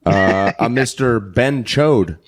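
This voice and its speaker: A man's voice: mid-range voice, slow. A man hosting a podcast in casual chat, laughing often, hyping up others and swearing casually. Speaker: podcast host.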